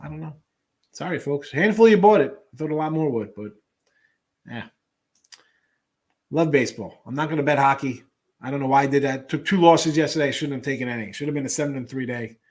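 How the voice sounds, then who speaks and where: Rambling middle-aged sports betting host. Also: male voice, medium pitch, a little fast, long pauses, a little mellow. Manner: rambling, conversational, many fillers and restarts. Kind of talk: casual sports betting talk.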